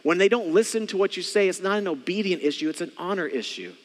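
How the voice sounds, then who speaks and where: An earnest male pastor preaching with a fairly high voice. He circles back on his phrases and sinks to hushed, quiet words for emphasis. His voice rings with a long reverb, as if in a large church hall. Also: animated, fast talker. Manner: earnest, repeats phrases, drops to soft quiet tones for emphasis. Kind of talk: sermon.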